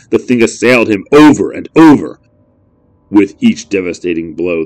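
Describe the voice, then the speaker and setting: A man narrating a horror story in a measured, brooding way. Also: deep voice, no echo.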